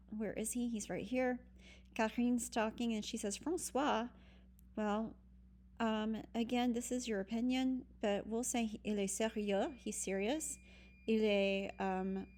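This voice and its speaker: A woman's voice: a little high, a little mellow. Patient woman teaching a French lesson. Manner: patient, explains step by step with many ums. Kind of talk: recorded virtual lesson walkthrough.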